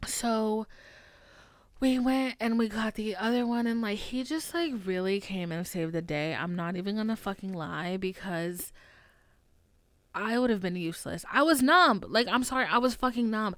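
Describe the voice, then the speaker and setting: A woman's voice: mid-range voice, moderate pace, a bit bright, no room sound. A young woman from the United States hosting a podcast, talking in a casual, rambling, profanity-heavy confessional monologue and laughing to cope. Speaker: podcast host.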